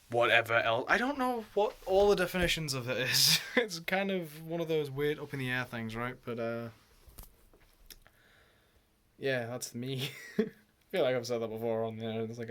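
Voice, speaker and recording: A man's voice: medium pitch, fairly bright tone. A man talking in a rambling, casual vlog, laughing often and swearing freely. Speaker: vlogger.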